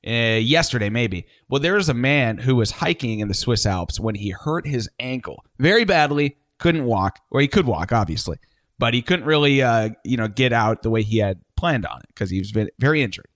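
A man's voice: medium pitch, animated, normal speed, a bit bright. A man co-hosting a casual chat show, joking and telling a story in a laid-back way. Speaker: podcast co-host.

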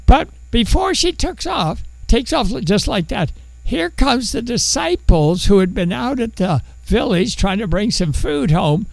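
A man preaching with a high, swooping voice that turns gravelly in places. He tells Bible stories conversationally, acting out each character. The sound is close and dry. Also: measured pace, dry recording, rough recording. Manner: animated storytelling, acts out biblical characters. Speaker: pastor. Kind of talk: sermon.

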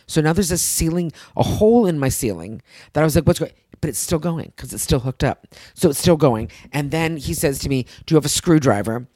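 A woman telling a story in a casual chat, acting out quotes with big jumps in pitch. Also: lively intonation, a little fast, dark tone, dry recording.

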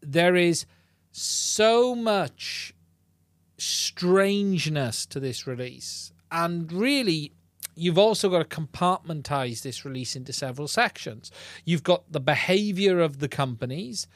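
A man hosting a live-stream podcast in a chatty, rambling way. He speaks a little higher than most men. The sound is dry and close on a podcast mic. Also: lively intonation, slow pace, no echo. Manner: chatty, rambling, with many fillers and restarts. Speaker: podcast host. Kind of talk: casual live-stream chat. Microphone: podcast mic into a mixing console.

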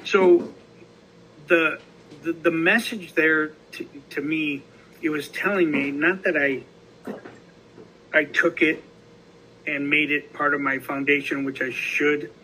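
A man's voice: a little high, fairly even intonation, slow pace, pauses often, pushed and bright, a little hiss or hum, rough recording. A man hosting a casual recovery podcast, telling a story in rambling fashion with many restarts and fillers. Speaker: podcast host.

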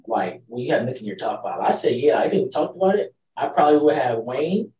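A man co-hosting a podcast in casual chat, animated and slangy, repeating words as he restarts his sentences. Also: medium pitch, a little fast. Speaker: podcast co-host. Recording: roomy, distant mic, faint noise.

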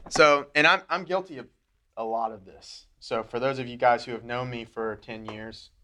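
A man leads a church group in an informal teaching session, his voice bright and forward. He talks earnestly and conversationally, walking listeners through ideas one step at a time at a moderate, even pitch. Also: moderate pace, slight background noise.

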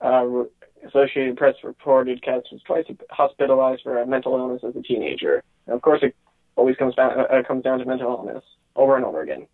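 A man's voice: mid-range voice, brisk. A man calling in to a show, talking casually with many hesitations and small laughs. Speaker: caller. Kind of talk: casual call-in chat. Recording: tinny phone line.

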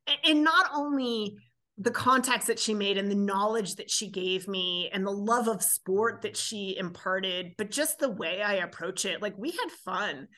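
Woman, 50s, podcast guest, chatty storyteller, acts out quotes, middle pitch. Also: a little slow, pushed and bright. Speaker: guest, professional triathlete.

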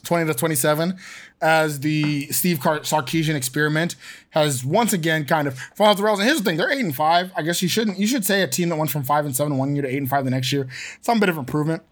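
A man co-hosting a casual sports podcast, talking in a joking, animated way and laughing often. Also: a little high, fast. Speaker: podcast co-host.

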